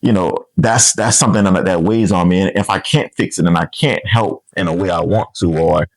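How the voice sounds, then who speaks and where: A young man who founded a community organization speaks earnestly in a casual interview, frequently tossing in "right?" and "man." His deep voice moves fairly quickly, and the rough recording has no room sound.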